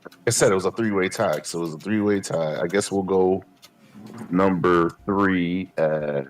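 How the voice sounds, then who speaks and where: A man, co-hosting a podcast and telling animated, profane stories, acting out his past self. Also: sits low, moderate pace. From Queens, New York. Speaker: podcast co-host. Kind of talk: casual chat.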